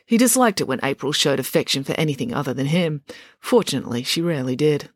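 A woman's voice: low voice, big pitch swings, fast talker, dry recording, studio quality. Woman reading a children's chapter book aloud. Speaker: storyteller.

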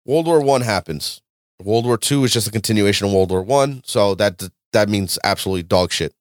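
A man hosting a podcast, ranting and lecturing in a loud, profane, animated way. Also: on the low side, brisk, no echo, studio quality. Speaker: podcast host. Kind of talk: casual podcast chat.

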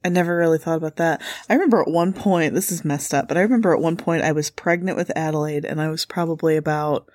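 A woman's voice: low voice, fast talker, few pauses, darkish tone, no room sound, clean studio sound. A woman in her thirties co-hosting a podcast, chatting casually and candidly and swearing freely. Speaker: podcast co-host. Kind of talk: casual chat.

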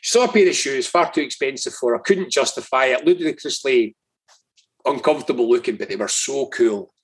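A Scottish political strategist appears as a guest on a podcast, telling stories in a lively, emphatic, animated way and swearing freely throughout the casual conversation. His voice is mid-range with a breathy edge.

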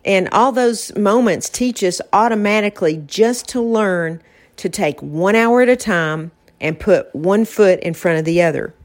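A woman's voice: mid-range voice, measured pace. A woman hosting a podcast, talking in a reflective, casual way about faith and getting through hard times. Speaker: podcast host.

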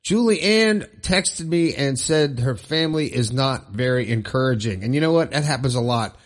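Upbeat and rambling, this middle-aged podcast host runs a solo motivational talk show, frequently repeating phrases for emphasis. His voice sits at a medium pitch and sounds animated, moving at a normal speed.

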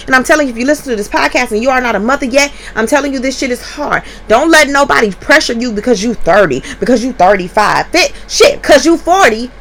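A woman, a stay-at-home mother hosting her podcast from home in a blunt, profane, emphatic monologue that jumps up in pitch when she gets heated. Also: animated, fast talker, hardly any pauses. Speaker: podcast host. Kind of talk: candid monologue. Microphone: podcast mic.

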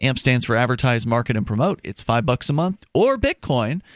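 A man's voice: medium pitch, sing-song, moderate pace, no echo, studio quality. A man hosting a call-in talk radio show, reading promos and phone numbers and bringing callers on air.

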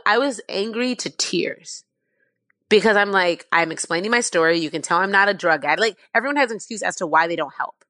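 A woman guest telling an emotional personal story, impassioned and near tears, with many fillers and halting restarts. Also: on the low side, fairly bright tone, dry recording.

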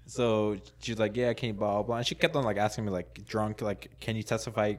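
A man's voice: on the low side, level tone, fairly quick. Rambling casual man telling a story. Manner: rambling, many "like"s, laughs a lot, acts out quotes. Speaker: podcast co-host.

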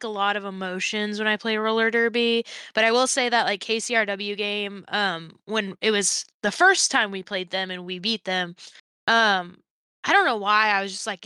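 A woman's voice: mid-range voice, pushed and bright, smooth, no room sound. A woman co-hosting a podcast, talking casually and joking playfully. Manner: playful, laughs and jokes. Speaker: podcast co-host.

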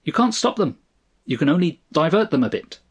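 A man doing a clipped, brisk male scientist. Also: on the high side, sing-song, husky, voice pushed up, exaggerated voice. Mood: persuasive.

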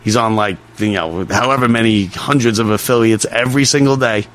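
A man hosting a sports talk show, chatting loosely and piling up quick affirmations. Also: on the low side, a bit bright.

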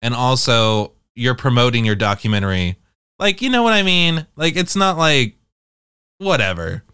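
A young adult man telling a casual, profane storytime monologue to viewers in an animated way. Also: medium pitch, normal speed, smooth, no echo, studio quality. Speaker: vlogger.

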